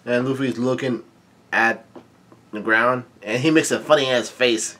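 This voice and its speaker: Bright-voiced man narrating haltingly. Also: mid-range voice, fairly even intonation. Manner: halting, full of fillers and restarts. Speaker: comic reading vlogger. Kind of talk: casual read-through narration.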